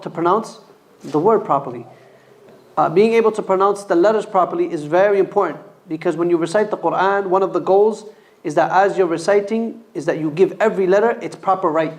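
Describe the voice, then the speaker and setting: A man teaching a Quran reading class in a mosque, sounding out letters for students to repeat. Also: high voice. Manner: repeats letters for students to echo, stressing pronunciation. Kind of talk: classroom recitation lesson.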